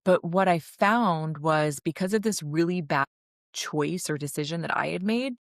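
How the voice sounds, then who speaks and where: A woman host with a notably low voice chats on a podcast, musing aloud and circling back on her words. The sound is close and dry. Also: moderate pace, no echo. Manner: conversational, hesitant, with fillers and restarts. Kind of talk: casual podcast conversation.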